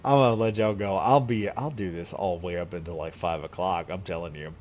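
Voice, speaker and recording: Brisk and low, with a darkish tone, a man chats casually and rambles loosely on a late-night game live stream, chuckling frequently. Slight background noise sits under the slightly dull lo-fi recording.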